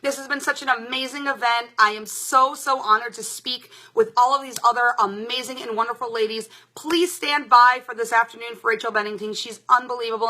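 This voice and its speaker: A woman's voice: on the high side, sharp tone. A young adult woman giving a live product demo as a sales presenter, chatty and upbeat, with lots of "like" and "um". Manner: chatty and upbeat, many fillers like "like" and "um".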